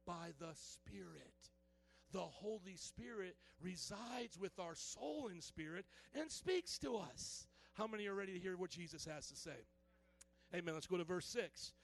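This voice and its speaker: A man's voice: high-pitched, fairly bright tone. A male pastor preaching a sermon in a conversational way, quizzing the congregation with questions and dropping joking asides.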